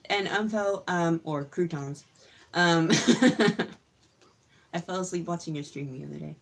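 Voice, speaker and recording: A woman's voice: fairly low pitch, slow pace, creaky, husky. A woman co-hosting a casual livestream chat, telling rambling stories with frequent giggles and restarts. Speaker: co-host.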